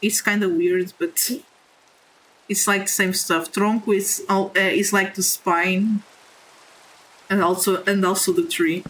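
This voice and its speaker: Woman, non-native English accent, casual stream chat, candid, halting, apologetic, mid pitch. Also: flat delivery, a bit bright, a little hiss or hum, low-quality recording. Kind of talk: casual live-stream chat while gaming.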